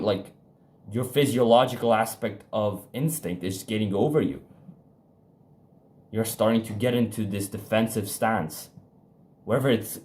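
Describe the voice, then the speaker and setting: This young man's voice is fairly low and a little mellow as he gives a casual motivational talk to the camera as a self-improvement vlogger. He's frank and profane, rambling with restarts and fillers, and emphatic, speeding up and slowing down to stress points.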